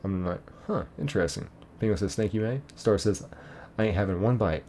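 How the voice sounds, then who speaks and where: A man's voice: on the low side, a little fast, warm tone, slight background noise. A man streaming a game, casually reading chat messages aloud, laid-back and chuckling.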